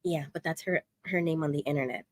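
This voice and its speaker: A woman in her thirties with a New York Puerto Rican accent, hosting a casual livestream from home, chatty and quick to laugh as she reads comments aloud. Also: low-pitched, steady tone, no room sound. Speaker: livestream host.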